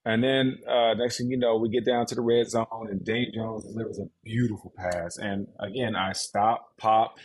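A man in his thirties, a guest on a podcast, telling a casual and animated story about his football career. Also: fairly low pitch, normal speed, few pauses, slight background noise. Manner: animated, mimics others' voices in his stories.

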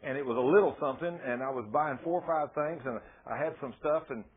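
Husky preacher on a tinny line. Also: male voice, fairly high pitch, fast talker. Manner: folksy, animated storytelling with laughs. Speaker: pastor. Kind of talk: sermon. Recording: tinny phone-like sound.

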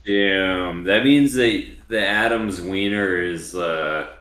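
A man's voice: deep voice, takes it slowly, roomy sound. A man co-hosting a podcast, riffing with crude jokes and wordplay. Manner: loud jokey wordplay. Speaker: podcast co-host. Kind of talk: crude casual banter.

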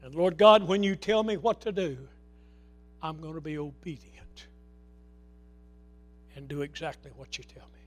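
Middle-aged male pastor with a high voice, preaching with passion and sudden drops to a hush. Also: fairly even intonation, measured pace, long pauses. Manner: impassioned, swinging from loud to hushed. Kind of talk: sermon.

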